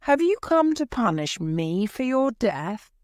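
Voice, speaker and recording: A guilt-stricken woman of seventy-two begs and pleads in a shrill, lifted voice, as a woman reading a storybook aloud puts her on. Her lines leap high and swing widely, with dry, close sound and no room around them. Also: sing-song, a little slow, darkish tone, no echo. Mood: frightened pleading. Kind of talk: audiobook character voice.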